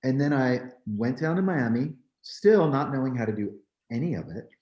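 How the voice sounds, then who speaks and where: A man from New Jersey, a photographer, telling his story in an animated, candid way, peppering his talk with "like" and "you know.". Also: mid-range voice, normal speed, muffled recording. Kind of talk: storytelling in a conversation. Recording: roomy echo.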